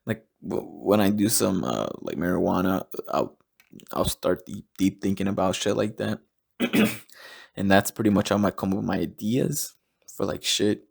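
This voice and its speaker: A young man talks alone on his podcast in a low, gravelly voice with a husky edge. He rambles and swears freely, and he often laughs at his own jokes. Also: lively intonation, moderate pace, a little mellow. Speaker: podcast host. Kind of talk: casual solo podcast monologue.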